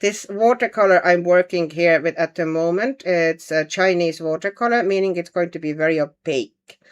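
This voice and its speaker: A woman's voice: fairly low pitch, moderate pace, clean tone. A woman hosting a casual livestream, chatting and thinking aloud as she paints and answers viewer comments. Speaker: livestream host.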